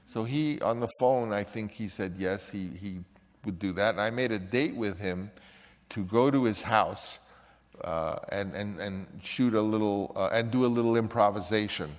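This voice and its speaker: Speaking at a normal speed in a fairly low voice, an elderly film director rambles through casual anecdotes in a big-sounding room. He keeps restarting his sentences and voices the people he's quoting.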